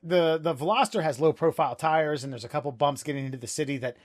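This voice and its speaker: A man's voice: on the high side, fast talker, no echo, clean studio sound. A middle-aged man co-hosting a casual podcast, rambling and laughing often as he talks. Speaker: podcast co-host.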